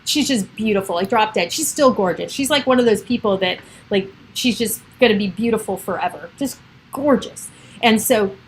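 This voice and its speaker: A middle-aged realtor chats with her followers on a casual home livestream, giggling and drifting off topic as she rambles. Her voice sits at a medium pitch, with a little background noise.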